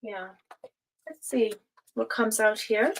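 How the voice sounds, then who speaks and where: A woman hosting a tarot reading livestream, talking casually and affectionately to viewers, with many fillers, sighs and soft laughs. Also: a little high, slow, very noisy. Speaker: tarot reader and livestream host.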